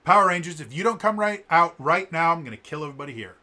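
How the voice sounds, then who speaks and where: A man's voice: on the high side, expressive, quick pace, bright, forceful tone, voice pushed up. A man voicing a villainous female alien queen making threats. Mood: threatening. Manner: menacing, demanding.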